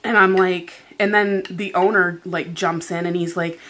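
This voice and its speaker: A woman's voice: lowish voice, fairly even intonation, a little slow, a bit bright. A woman vlogger telling a story at home in a casual, chatty way, with lots of "like" and an exasperated, venting tone. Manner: chatty, heavy filler "like", exasperated retelling.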